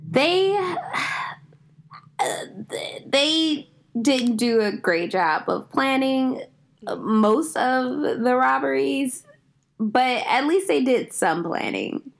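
Woman in her late thirties, casual co-host, high voice, very lively pitch, dramatic. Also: extremely slow, gravelly. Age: late 30s. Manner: animated, dramatic, swears freely. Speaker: podcast co-host. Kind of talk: casual chat.

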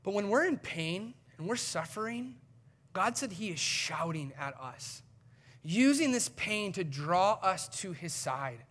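A male pastor preaching a sermon in an animated, conversational way with emphatic swings in delivery. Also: sits high, unhurried.

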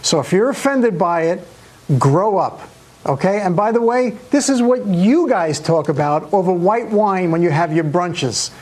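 A man's voice: sits high, lively intonation, unhurried, a little mellow. A man in a played clip, dismissively scolding listeners to grow up.

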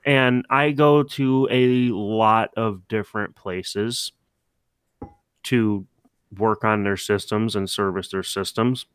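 A young man co-hosting a casual podcast, telling animated, swear-filled stories in a relaxed chat. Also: on the low side, slow pace, clear, resonant tone, no room sound. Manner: animated storytelling, swears, mimics himself. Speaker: podcast co-host.

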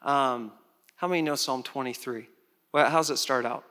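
A man preaching a sermon as pastor, animated, with loud rises, soft drops and chatty asides to the congregation. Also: mid-range voice, normal speed.

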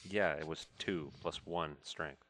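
A man's voice: very deep voice, a little slow, a bit bright. A man playing a tabletop game, giving short, matter-of-fact replies. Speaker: player. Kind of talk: casual tabletop game chat.

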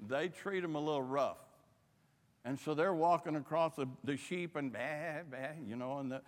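Man, missionary sermon, passionate, fairly high voice, church reverb. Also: moderate pace. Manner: impassioned, rising to shouts. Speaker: missionary preacher. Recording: long hall reverb.

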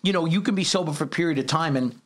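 A middle-aged man, host of a recovery podcast, telling stories in casual chat, animated and swearing casually. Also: a little high, racing.

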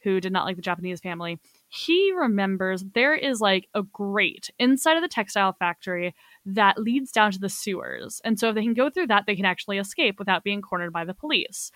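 Young woman cohost, casual plot recap, lively with lots of um and like, dry close sound. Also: medium pitch, a little fast, few pauses, no echo. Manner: animated retelling with filler words. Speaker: podcast co-host. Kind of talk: casual movie discussion.

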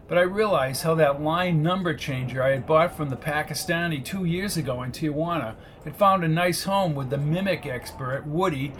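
A man with a fairly high voice narrates a hard-boiled detective story in the first person. His delivery is wry and laid-back, with a faint hiss under it.

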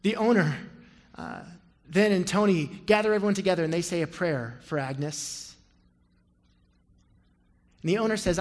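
A man preaching a sermon as pastor, telling a story and leading prayer, building from quiet storytelling to loud impassioned appeals. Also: high-pitched, normal speed, pauses often, big-room sound. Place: large church sanctuary.

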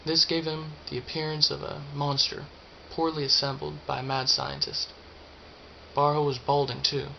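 A man narrating a story aloud in a steady, even reading. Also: medium pitch, gravelly. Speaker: audiobook reader. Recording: dull lo-fi with faint hiss.

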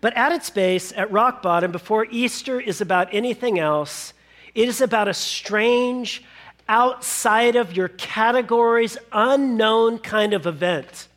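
A man preaching a sermon to a congregation, telling the story with lively acted-out asides. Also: high voice, unhurried. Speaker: pastor.

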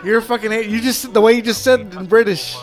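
A man's voice: high voice, fairly even intonation, fast talker, soft background music. A man casually reacting to a movie with friends, profane and laughing as he retells scenes. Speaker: podcast co-host watching a movie.

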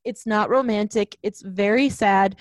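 A woman's voice: medium pitch, a little slow, no room sound. A woman ranting in casual chat about a film, acting out lines as she goes. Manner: ranting, animated, acts out quotes.

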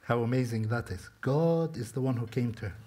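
A man with a medium-pitched, warm voice preaches a sermon, speaking a little fast. He tells a story in a conversational way, addressing his listeners directly.

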